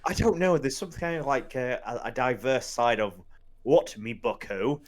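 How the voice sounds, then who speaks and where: A man co-hosting a podcast, chatting casually about a game, giggly and quick to apologize. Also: medium pitch, animated. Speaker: podcast co-host. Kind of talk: casual chat over a game playthrough.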